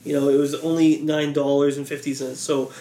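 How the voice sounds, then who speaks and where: A man's voice: on the high side, level tone, fairly quick. Exasperated man telling a story, echoey room. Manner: exasperated, acts out crowd yelling. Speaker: vlogger. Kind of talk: animated storytelling rant.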